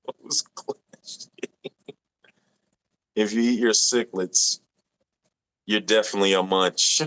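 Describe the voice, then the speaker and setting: Laid-back slow-talking male stream host. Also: on the low side, fairly bright tone, clear, resonant tone. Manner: laid-back, laughing, drawn-out readings. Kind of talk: casual live stream chat reading comments.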